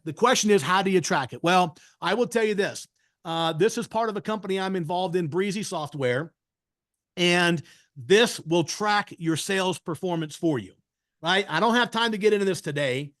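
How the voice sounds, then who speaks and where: Male sales trainer, higher-pitched voice, emphatic masterclass delivery with constant check-ins. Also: fairly bright tone. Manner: emphatic, frequently tags points with "right?". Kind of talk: webinar masterclass talk.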